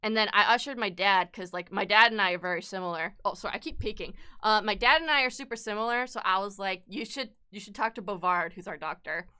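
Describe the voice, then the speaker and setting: A woman's voice: medium pitch, fast, few pauses, bright, forceful tone, clean tone. A young woman streaming live, chatting casually and candidly, swearing freely and sounding upset at times. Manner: upset, close to tears at times.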